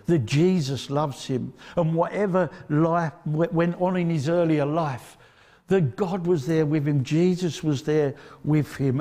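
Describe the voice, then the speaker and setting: A man's voice: a little high, dark tone. Conversational Essex-accented male preacher. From Essex, England. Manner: conversational, emphatic, checks in with the audience. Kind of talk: sermon.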